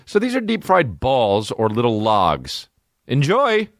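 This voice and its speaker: A man in his thirties rants through a comedy podcast in a low voice that keeps leaping up into loud, mocking highs. His delivery is crude, animated and full of swearing. The sound is dry and close, with no room around it. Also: a little slow, no echo. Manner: loud, profane, animated, jumps into high mocking pitch. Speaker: podcast host.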